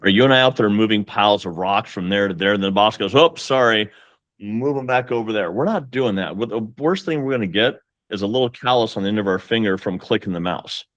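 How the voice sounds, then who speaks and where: A man's voice: on the low side, fast, a bit bright, dry recording, muffled recording. A man talking as a guest mortgage coach, with an emphatic, pep-talk delivery. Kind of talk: casual podcast conversation.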